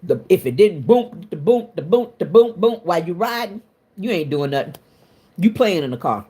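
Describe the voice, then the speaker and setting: Middle-aged woman, stream host, lively storyteller with a wide-ranging pitch and a colloquial, self-mocking delivery. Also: moderate pace, husky. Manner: animated, laughs often, colloquial and self-mocking. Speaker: livestream host. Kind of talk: casual storytelling to a live chat.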